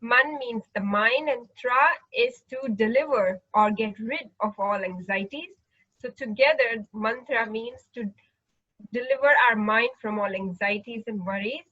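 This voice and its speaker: A woman leading a mantra meditation class over a video call, eager and warm-hearted, often restarting her sentences. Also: on the high side, unhurried. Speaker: meditation leader. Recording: muffled lo-fi video call audio.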